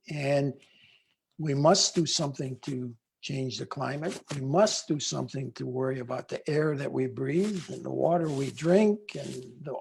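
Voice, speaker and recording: A man's voice: fairly high pitch, gravelly, slight background noise. An older man on a video call, telling rambling stories about former students as a guest speaker. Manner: rambling with restarts, animated retelling. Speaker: guest speaker, longtime voyage faculty. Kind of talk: conversational storytelling.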